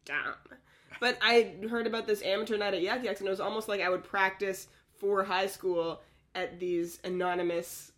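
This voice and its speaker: A woman's voice: medium pitch, flat delivery, a bit bright. Joking Canadian woman comedian. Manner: playful, quick jokes and goofy voices. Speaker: guest comedian. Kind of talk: casual interview chat.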